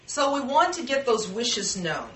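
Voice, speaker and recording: A woman's voice: on the high side, sing-song, a little slow, a bit bright, a little hiss or hum. Middle-aged lady teaching a workshop, chatty and earnest, sounds far from the mic in a roomy space. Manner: earnest and conversational, with personal anecdotes. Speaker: workshop presenter. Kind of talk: informal classroom talk. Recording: echoey room, mic far off.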